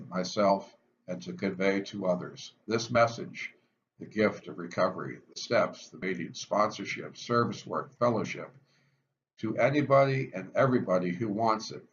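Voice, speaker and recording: A man explaining the twelve recovery steps in a measured, explanatory lecture, stressing each step heading. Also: fairly low pitch, fairly bright tone. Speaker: physician teaching addiction recovery. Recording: dull lo-fi recording with faint hiss.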